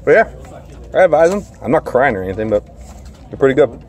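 A man's voice: medium pitch, big pitch swings, fast, darkish tone, slight background noise. A man giving a casual, rambling food review, hesitant and full of filler sounds, sweating from spicy food. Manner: rambling, hesitant, lots of uh and repeats. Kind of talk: casual chat.

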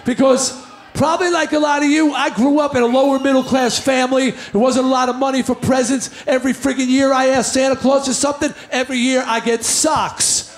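A male comedian from the New York area doing a loud, exasperated stand-up routine. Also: extremely high pitch, flat delivery, brisk, echoey room, slight background noise. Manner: loud, shouting, exasperated storytelling.

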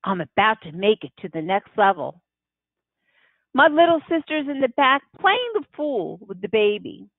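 A woman reading a children's novel aloud in the first person, unhurried and expressive. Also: medium pitch, no room sound. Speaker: audiobook reader. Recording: tinny phone-like dry sound.

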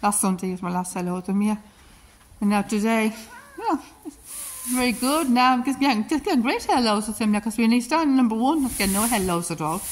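A woman at outdoor stud-farm stables, filming on a phone and chatting in a high sing-song coaxing voice, repeating herself to a horse and her viewers. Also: lively intonation, brisk, rough recording. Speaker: horse enthusiast filming a stallion visit. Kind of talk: casual vlog talk to a horse and viewers.

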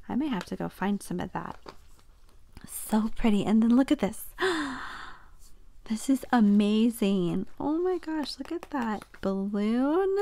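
Gushing craft vlogger woman, slow delivery. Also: medium pitch, creaky. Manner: gushing, excited, drops to soft whispers. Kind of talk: casual unboxing chat.

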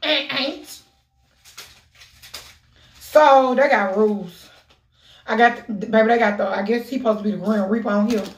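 A woman talking casually to her camera in a lively, animated way, swearing freely. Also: mid-range voice, a little fast. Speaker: vlogger. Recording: echoey room.

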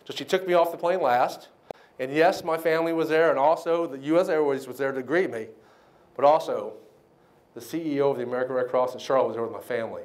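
A man giving a motivational banquet speech, telling his story with lively acted-out quotes. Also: medium pitch, fast talker. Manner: animated storyteller, acts out quoted voices. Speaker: keynote speaker. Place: banquet hall.

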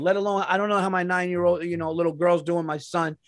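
A man's voice: high voice, steady tone, brisk, no room sound, clean studio sound. A man hosting a podcast, telling a comedic story with profanity and acted-out quotes. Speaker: podcast host.

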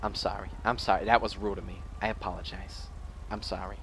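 A man's voice: lowish voice, level tone, fairly quick, a bit bright, a little hiss or hum. A man playing a character in a game roleplay, joking, swearing and laughing often. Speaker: roleplay streamer.

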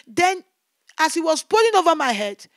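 A woman's voice: extremely high pitch, sing-song, normal speed, fairly bright tone, no echo, clean studio sound. A woman evangelist giving a fervent testimony sermon, repeating her exclamations of praise.

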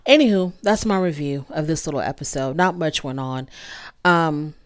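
Woman doing a laid-back tv recap, lowish voice, acts out the quotes. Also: normal speed. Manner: chatty, acts out quotes with pitch jumps. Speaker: TV recap host. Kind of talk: casual episode recap.

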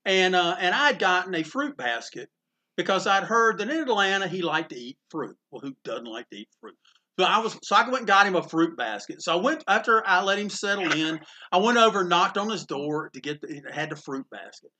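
Animated storyteller man. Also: high voice, fairly quick. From Greensboro, North Carolina. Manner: animated, chatty, many restarts and asides. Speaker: comic book store owner telling a story. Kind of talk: casual storytelling. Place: inside a comic book store.

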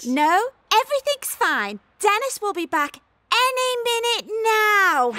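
A woman's voice: very high-pitched, big pitch swings, a little slow, full character voice. A woman voicing an eager, earnest young schoolkid in a cartoon. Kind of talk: cartoon voice acting. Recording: cartoon soundtrack with loud music.

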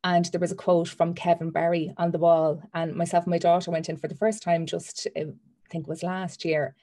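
A woman's voice: on the low side, flat delivery, fairly quick, warm tone. A woman author, reading from her book and answering interview questions earnestly and enthusiastically.

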